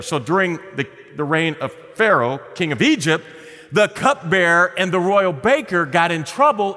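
Middle-aged male pastor, sermon, conversational and joking, very lively pitch, long reverb. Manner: conversational preaching with humor and sudden drops to a quiet voice.

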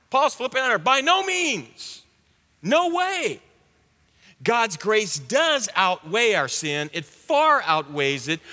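Bright-voiced pastor guy, lively up and down delivery, big echoey church hall. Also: on the high side. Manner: dramatic swings from loud to hushed. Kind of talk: sermon. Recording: long hall reverb.

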